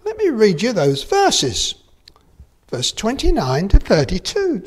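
A preacher delivers a sermon at an unhurried pace, leaning hard on key words. The voice climbs and falls with lively swings of pitch, building to fervent peaks before dropping low. Scripture is read aloud in old King James wording. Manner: emphatic, rising to fervent peaks.

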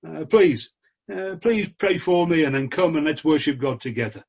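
A man voicing a guilty king who pleads for pardon, in a halting, pleading way. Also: a little high, expressive, breathy edge, voice pushed up. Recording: dull lo-fi recording.

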